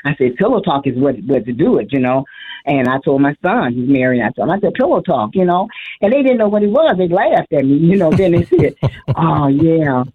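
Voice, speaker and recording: A woman's voice: sits low, very animated, fairly quick, husky. Older woman calling in over the phone. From Illinois. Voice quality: emotional, rambling with many restarts. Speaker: caller. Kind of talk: call-in radio conversation. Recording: phone line.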